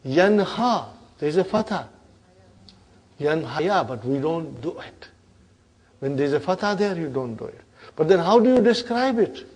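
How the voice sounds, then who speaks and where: A man's voice: fairly high pitch, big pitch swings, normal speed, a little mellow. A middle-aged man teaching an Arabic grammar class, drilling forms and often checking whether the students follow. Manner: prompting students with "huh?".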